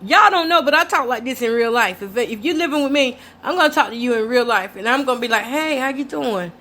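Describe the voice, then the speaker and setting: A woman with a notably high voice, middle-aged and talking straight into the camera. She tells her story candidly and casually, breaking into laughs and turning to her viewers like old friends. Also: fast, slight background noise. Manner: candid, chatty, addresses viewers directly; lively, laughs between lines. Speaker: host.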